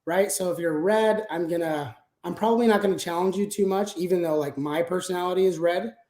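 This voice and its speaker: A man's voice: sits high, brisk, dark tone, echoey room. A man talking casually as an interview guest about managing a sales team, explaining things step by step with frequent fillers.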